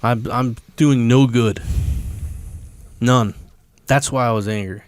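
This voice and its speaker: A man speaking as a podcast guest at a mid-range pitch, telling his story bluntly and with plenty of swearing. He leans hard on the words he means, and his voice is recorded close and dry, with no room sound. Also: fairly even intonation, slow, clean tone, no room sound. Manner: blunt, profane, emphatic. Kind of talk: casual storytelling.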